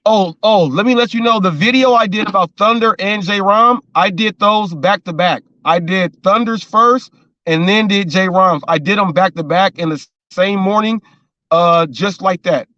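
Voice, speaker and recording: Stream host, male, high and bright, earnest, a bit lo-fi and dry. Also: moderate pace, no echo. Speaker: host of a gig-work talk show. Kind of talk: casual live-stream chat.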